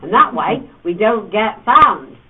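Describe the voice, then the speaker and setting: A man with a high, slow, husky voice guides a tour group through a cave, playfully teasing them with stories and acting out animated voices. The recording sounds distant and thin, like a phone.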